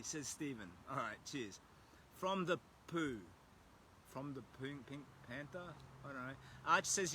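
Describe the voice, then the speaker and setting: Aussie guy on a phone livestream outside, bright voice, bit of faint noise behind. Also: mid-range voice, moderate pace. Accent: Australian. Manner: chatty, relaxed, reads out viewer comments. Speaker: livestreamer on a long charity walk. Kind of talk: casual livestream chat. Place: outdoors by a road, windy. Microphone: phone held while walking.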